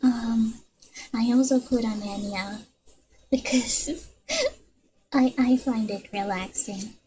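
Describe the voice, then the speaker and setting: A young woman streaming her first ASMR session, talking softly and often whispering, nervous and rambling. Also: on the high side, big pitch swings, slow, slight background noise, poor audio. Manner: soft-spoken, often whispering. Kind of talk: casual ASMR stream chat. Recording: music playing behind.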